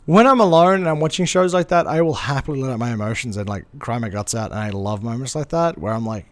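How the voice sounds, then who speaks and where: A man streaming live, chatting casually with viewers, ranting animatedly with plenty of swearing and quick apologies. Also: mid-range voice, expressive.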